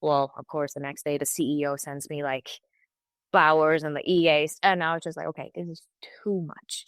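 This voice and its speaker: Interview guest, young woman, low smooth voice, halting and emotional, dry close mic. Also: little pitch movement, dry recording. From California. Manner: halting, emotional, many restarts and quoted asides. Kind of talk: candid personal account.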